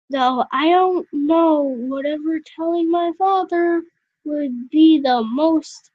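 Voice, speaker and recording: A woman's voice: high voice, very slow, pauses often, a little mellow, dry recording. A woman reading a visual novel aloud with self-mocking, chatty asides. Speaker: let's player. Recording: dull, lo-fi, dry.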